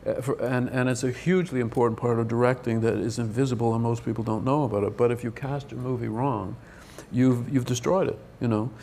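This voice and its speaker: An older man with a gravelly, creaky voice talks through a press Q&A, starting over often as he hunts for words. Faint noise hums under the recording. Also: medium pitch, steady tone, a little fast, few pauses, dark tone. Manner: rambling, hesitant with many restarts. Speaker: film director. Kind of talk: press event Q&A.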